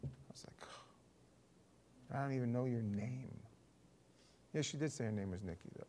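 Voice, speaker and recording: A man's voice: medium pitch, brisk, mellow, a little hiss or hum. A man leading a church Bible study in a casual, conversational way, often restarting and asking the group questions.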